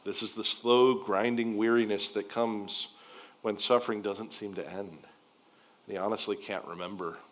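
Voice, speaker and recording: Male pastor, lowish voice, earnest sermon delivery with emphatic peaks and soft endings. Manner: earnest, emphatic, dropping softly at phrase ends. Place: church.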